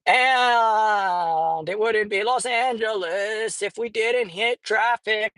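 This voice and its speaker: A woman's voice: medium pitch, takes it slowly, fairly bright tone, no room sound, low-quality recording. A woman vlogging casually while driving, rambling with lots of fillers and swearing now and then inside a car. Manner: rambling, profane, many fillers.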